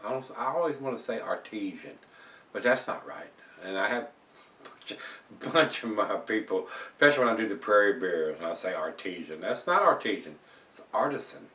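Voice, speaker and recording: Brief: folksy male beer reviewer, fairly low voice, rambles, recorded off-mic with a roomy kitchen echo. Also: animated, moderate pace, bright, forceful tone, recorded from a distance. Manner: rambling, folksy and chatty, with frequent fillers. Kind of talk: casual beer review vlog. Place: home kitchen.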